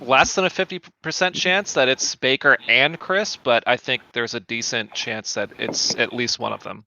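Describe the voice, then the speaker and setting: Gravelly, bright man reasoning deliberately. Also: medium pitch, dull audio, slight background noise. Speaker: player. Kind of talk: making an accusation in a voice-chat game.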